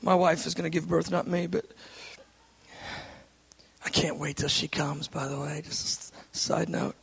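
Fervent high-voiced male preacher. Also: flat delivery, unhurried, vocal fry, breathy edge. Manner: fervent, swings from shouting to hushed. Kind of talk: sermon.

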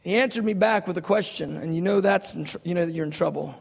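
Gravelly, high-voiced preacher man. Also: fast talker, long reverb tail. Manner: animated, laughing, self-mocking, ranging from loud to hushed. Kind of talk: storytelling sermon.

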